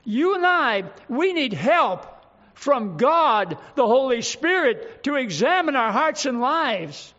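A man's voice: very high voice, big pitch swings, pushed and bright. An older man preaching a sermon, fervent and stretching key words for emphasis, on a dull lo-fi recording. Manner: fervent, drawn-out emphatic phrases.

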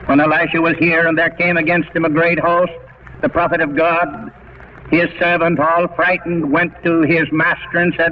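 A man preaching a sermon in a deliberate, rhetorical manner who repeats words for emphasis. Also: on the high side, flat delivery. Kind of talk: radio sermon. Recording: dull, faintly hissy old radio recording.

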